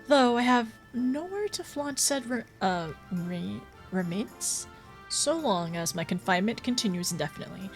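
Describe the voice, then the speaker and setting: A woman voicing a pompous sulky young nobleman. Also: fairly high pitch. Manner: haughty, complaining, theatrical. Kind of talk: reading game dialogue aloud.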